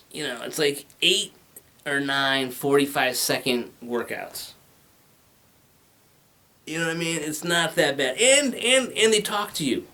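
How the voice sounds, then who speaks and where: A man doing stand-up comedy, rambling and profane, slipping into mock-angry rants and quick put-on voices. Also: on the high side, a bit bright.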